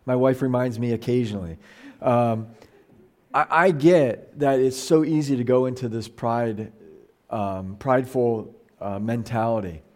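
Animated man giving a casual sermon. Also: mid-range voice, measured pace. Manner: animated, acts out quoted voices, frequent restarts. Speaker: pastor teaching a Bible study.

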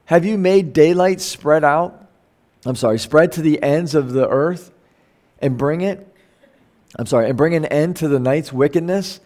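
Middle-aged man, sermon, slightly high voice, chatty rhetorical questions, reads then explains. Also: a little slow, darkish tone. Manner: conversational, asks rhetorical questions, self-corrects while reading. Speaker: pastor. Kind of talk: sermon reading and explaining scripture.

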